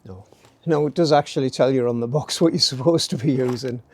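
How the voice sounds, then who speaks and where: A middle-aged DIY channel host, medium-pitched and a little fast, gives casual how-to narration in his outdoor garden workspace as light rain falls. The recording is very noisy, and he's chatty and jokey, fond of asking "eh?" and "don't you?"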